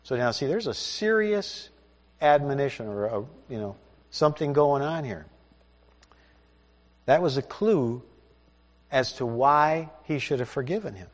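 A man's voice: mid-range voice, lively intonation, a little slow, long pauses. A man preaching a sermon, reading scripture aloud and explaining it in a conversational way. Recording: long hall reverb.

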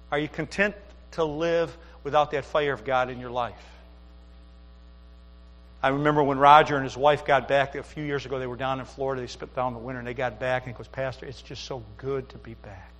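In a church sanctuary, a middle-aged pastor preaches a sermon in a fairly high, slightly bright voice, telling folksy stories and making asides to the congregation. The sound carries like a big room.

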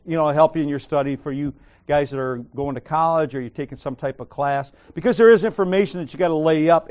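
A man with a fairly high voice teaches a church Bible class. He talks in a loose, joking, encouraging manner as he explains memorization.

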